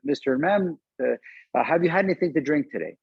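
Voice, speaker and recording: A man's voice: a little high, expressive, a little fast, creaky, husky, dry recording, muffled recording, full character voice. A man voicing a polite, hesitant police officer in his thirties.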